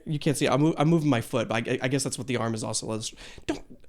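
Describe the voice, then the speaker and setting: A man hosting a reaction video, talking casually and animatedly, swearing freely, stammering and restarting, and jumping into a high, excited pitch when something surprises him. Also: fast, faint music behind.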